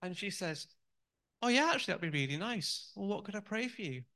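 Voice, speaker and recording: Man, thirties, sermon stories, chatty, bright tone. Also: sits high, animated, a little fast. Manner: chatty and candid, many "um"s and restarts. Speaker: church speaker.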